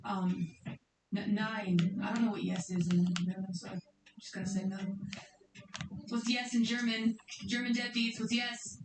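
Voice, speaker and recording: A chatty, giggly woman streamer rambles about her plans with a fairly high voice. She sounds set back from the mic in an echoey room, with clear noise behind her. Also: completely flat delivery, moderate pace, far from the mic. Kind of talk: casual chat.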